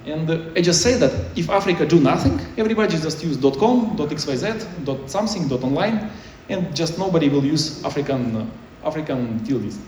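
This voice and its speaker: A man's voice: fairly high pitch, lively intonation, brisk, hardly any pauses, darkish tone, slight background noise. A man giving a conference talk in choppy, non-native English, with many restarts. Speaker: conference speaker. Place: conference hall. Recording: echoey hall, mic far off.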